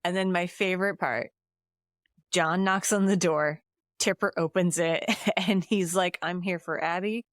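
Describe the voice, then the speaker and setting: A woman's voice: on the low side, a little slow, no room sound, clean studio sound. A woman podcast co-host giving a casual, chatty recap of a movie's plot, often laughing and quoting the characters. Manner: lively retelling with laughs and quoted lines.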